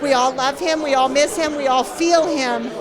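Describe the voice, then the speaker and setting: A woman's voice: high voice, steady tone, normal speed. A woman at a party telling a fond, emotional story about a late friend and laughing between sentences. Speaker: party guest sharing memories. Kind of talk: casual spoken tribute. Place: indoor party venue. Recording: busy party crowd behind.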